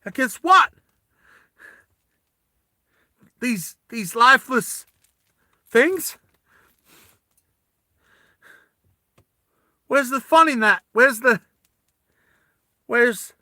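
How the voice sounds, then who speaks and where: A man voicing a grieving, hot-headed male soldier who is shouting in anguish. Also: very high-pitched, animated, slow, pauses often, no echo, clean studio sound, pitched above the performer's own voice, heavily acted. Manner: anguished outburst.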